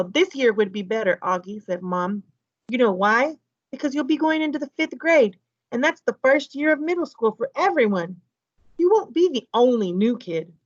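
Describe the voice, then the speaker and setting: A woman teacher reading a children's novel aloud to her class, lively and voicing each character's dialogue. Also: fairly high pitch, no room sound, highs cut off. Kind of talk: children's book read-aloud.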